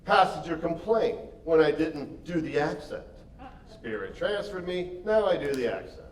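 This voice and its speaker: A man plays a dry, oblivious airline pilot with a deadpan delivery. His pitch moves around a lot and sits a little high. He is heard from a distance in an echoey theater. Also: moderate pace, lightly acted. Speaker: stage actor. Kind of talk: live stage comedy. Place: theater stage. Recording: echoey theater stage from far off, faint noise.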